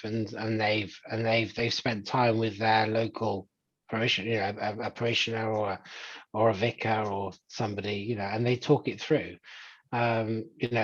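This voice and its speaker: A hypnotist being interviewed talks chattily in a fairly low voice over lo-fi sound. His answers are loaded with "you know" and restarted sentences, and he performs the voices of people he quotes.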